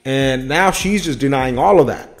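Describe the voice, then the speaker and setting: A man's voice: mid-range voice, moderate pace. A man hosting a casual political reaction commentary, blunt and profane, often adding "man" and "bro.".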